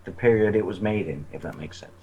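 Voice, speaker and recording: A man co-hosting a casual movie talk show, excitable, stammering and swearing. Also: deep voice, fast talker, slightly rough, dull audio. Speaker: podcast co-host.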